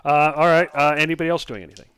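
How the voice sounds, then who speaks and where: A man narrating as game master in a relaxed way with many fillers. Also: fairly high pitch, rapid-fire, clean tone, dry recording.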